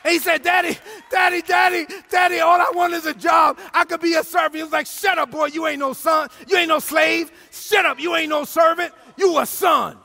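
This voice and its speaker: Pastor, male, high bright voice with gravelly edges, shouting, sing-song sermon delivery. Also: fairly even intonation, normal speed, hardly any pauses, some chatter behind. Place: church sanctuary.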